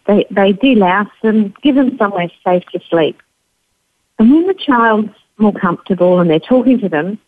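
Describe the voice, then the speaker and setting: A woman in her fifties with an Australian accent, a grandmother and charity founder, answering interview questions as she tells a long story and quotes others in a lifted voice. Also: mid-range voice. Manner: warm anecdotal storytelling, quoting others with lifted voice. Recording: dry tinny phone line.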